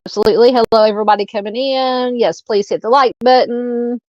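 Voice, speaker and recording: A woman from Arkansas with a Southern Arkansas accent, hosting a true crime live stream, thinking aloud in a halting way while she reads and answers viewer comments. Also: a little high, steady tone, a little mellow, no room sound, highs cut off.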